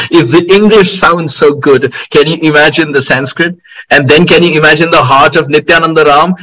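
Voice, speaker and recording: Man preaching, high voice, bright tone, animated storytelling. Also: normal speed, poor audio. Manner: animated, with outbursts and frequent laughter. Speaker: spiritual teacher. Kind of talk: devotional sermon with storytelling.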